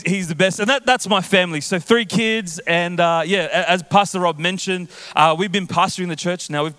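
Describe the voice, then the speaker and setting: Guy in his 30s preaching, kinda high voice, super clear, cracking jokes at the crowd. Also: bright, forceful tone, no room sound. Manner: joking and playful with the crowd. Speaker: guest pastor. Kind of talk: sermon. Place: large church auditorium.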